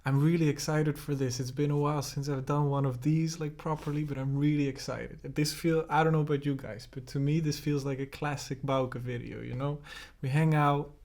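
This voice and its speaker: A man's voice: fairly high pitch, steady tone, a little fast, darkish tone. A man hosting a casual music vlog from his home studio, talking in a laid-back, rambling way with plenty of fillers. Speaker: music producer and host.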